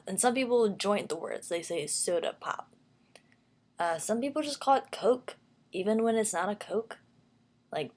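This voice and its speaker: Young woman, Southern American accent, vocal fry, casual rambling vlog, slow and careful. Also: medium pitch. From Southern United States. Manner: rambling, many fillers and restarts; speaks slowly for a learner.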